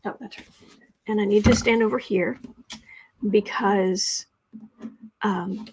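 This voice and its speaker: A woman's voice: mid-range voice, steady tone, normal speed, darkish tone, breathy edge. A woman from the United States hosting a casual tarot livestream from home, rambling and chatty, with asides to her cat, speaking into a fixed mic off to one side. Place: home room.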